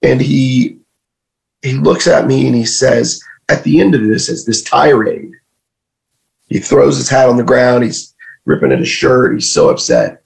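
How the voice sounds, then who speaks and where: Gravelly man, voice worn after illness. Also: medium pitch, expressive, measured pace, low-quality recording. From North Carolina, USA. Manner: earnest, emotional, with many restarts. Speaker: guest sharing a testimony. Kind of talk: casual spoken storytelling.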